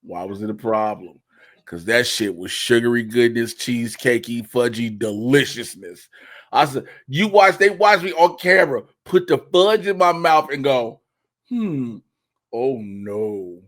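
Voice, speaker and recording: A man hosting a podcast, telling a funny story in casual chat with big excited outbursts. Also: medium pitch, normal speed. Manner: animated, swings into loud excited shouts and laughs. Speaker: podcast host.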